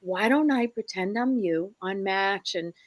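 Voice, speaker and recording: This woman speaks as a spirit medium guest on a talk show. Her storytelling is animated, and she jumps into other people's voices mid-story. The recording is dry and close. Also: medium pitch, measured pace, no room sound. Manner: expressive, acts out quoted voices, laughs often. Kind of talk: animated storytelling in a casual interview.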